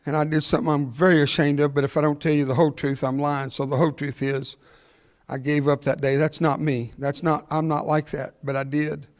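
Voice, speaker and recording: An older man, giving a motivational speech that mixes jokes with storytelling and talks fast. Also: a little high, long reverb tail. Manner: energetic, joking, fast-talking. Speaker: motivational speaker. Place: large hall before an audience.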